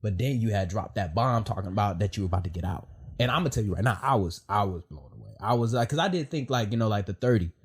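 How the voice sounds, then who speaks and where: A man hosting a podcast, telling a story in an emotional, animated way, with lots of fillers and swearing. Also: lowish voice, quick pace, husky. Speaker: podcast host. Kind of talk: casual heartfelt chat.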